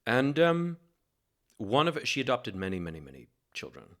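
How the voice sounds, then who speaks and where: Animated self-mocking male storyteller. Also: mid-range voice, normal speed. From New York City. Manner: animated, self-mocking, laughs while telling. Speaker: guest. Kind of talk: casual interview storytelling.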